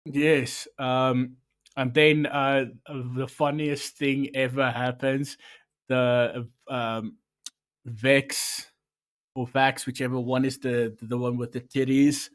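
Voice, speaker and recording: A man's voice: mid-range voice, flat delivery, slow. A man hosting a podcast, talking in a rambling, sarcastic, profane way while reviewing a show. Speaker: podcast host. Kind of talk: casual review chat.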